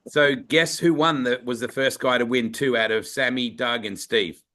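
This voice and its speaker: Bright-voiced Australian man telling stories. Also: medium pitch, steady tone, moderate pace. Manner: eager storytelling. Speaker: podcast host. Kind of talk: casual podcast chat.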